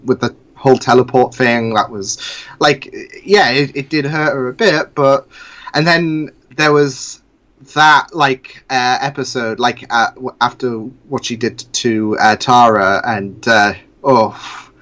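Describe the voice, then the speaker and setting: A man chats casually as a podcast host, speaking slowly and deliberately. He halts often, filling gaps with "uh" and restarting his sentences, all at a middle pitch. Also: fairly even intonation, a bit bright. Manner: halting, many fillers and restarts. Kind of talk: casual chat.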